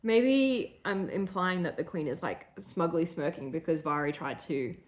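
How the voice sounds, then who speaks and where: A woman's voice: on the low side, lively intonation, unhurried. Woman reading her old writing aloud. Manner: reads her own prose aloud, breaking off to mock it. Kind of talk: reading aloud with casual commentary.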